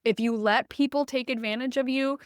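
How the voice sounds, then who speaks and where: A woman's voice: high voice, fairly even intonation, a little fast, clear, resonant tone, dry recording, clean studio sound. A woman in her thirties hosting a solo podcast, speaking earnestly and personally, with frequent restarts and fillers. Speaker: podcast host and business coach. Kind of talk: candid solo podcast talk.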